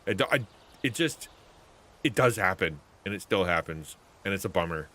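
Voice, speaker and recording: A man's voice: low-pitched, expressive, normal speed, fairly bright tone, a little hiss or hum. Chatty man streaming a video game. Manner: rambling, chatty, self-interrupting. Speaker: livestreamer. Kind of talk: casual gameplay commentary.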